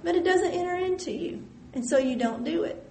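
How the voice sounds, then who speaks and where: Woman Bible teacher, high voice, earnest sermon, roomy recording. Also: lively intonation, a little fast, gravelly, mellow, slight background noise. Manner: earnest, reads scripture aloud, acts out prayers. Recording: echoey room with faint ambience.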